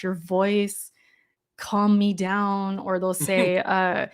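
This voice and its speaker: A woman with a calm, soft-spoken voice chats thoughtfully as a guest on a video call. She laughs often and restarts her sentences as she talks things through, keeping a relaxed, even delivery throughout. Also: medium pitch, a little slow. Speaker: guest gamer and YouTuber. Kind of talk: casual interview chat.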